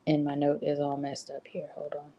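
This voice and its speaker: A woman's voice: deep voice, monotone, normal speed, highs cut off. A woman giving a casual motivational talk, conversational, with frequent ums and rhetorical "right?" questions. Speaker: host.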